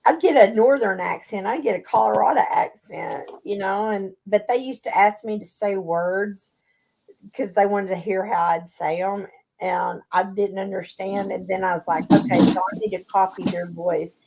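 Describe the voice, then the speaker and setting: A woman's voice: medium pitch, fairly even intonation, normal speed, creaky, a crowd in the background, rough recording. Woman, Texas Southern drawl, casual chat co-host, chatty, laughs a lot. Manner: chatty storyteller, laughs often. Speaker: podcast co-host.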